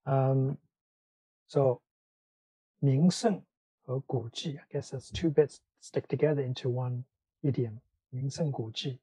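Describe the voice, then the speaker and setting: A man teaching a language lesson, explaining in English between slow examples with many fillers. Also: medium pitch, steady tone, mellow, husky, no echo, rough recording. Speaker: Mandarin teacher.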